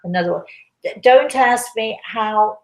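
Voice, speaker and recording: A woman's voice: fairly high pitch, a little slow, poor audio. An older woman and spiritual medium, answering audience questions in a chatty, repetitive way with frequent restarts. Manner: chatty, repeats phrases, restarts often. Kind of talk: casual live Q&A talk.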